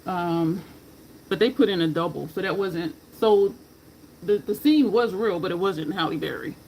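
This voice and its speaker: A woman's voice: on the low side, moderate pace, a little mellow, a little hiss or hum, rough recording. Rambling woman vlogger chatting. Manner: rambling storyteller, laughs and curses freely. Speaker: makeup vlogger. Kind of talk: casual chat while doing makeup.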